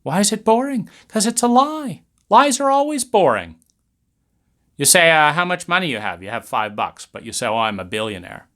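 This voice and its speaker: A bright-voiced man lecturing animatedly. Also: high-pitched, moderate pace. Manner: animated, acts out family scenes. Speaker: speaker on trauma. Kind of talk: lecture monologue.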